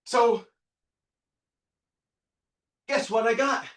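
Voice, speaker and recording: A man in his fifties leading a live real estate training workshop, excitable and loud, quizzing the room and swearing freely. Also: very high voice, very slow. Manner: excitable, loud, bursts into yelling; quizzes the audience, punchy and profane. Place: meeting room with a live audience. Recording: echoey room, picked up from a distance.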